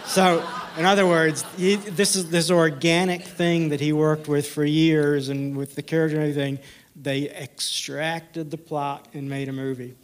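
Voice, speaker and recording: A man's voice: on the high side, little pitch movement, unhurried. A male host in casual chat, summing up a point in an amused way.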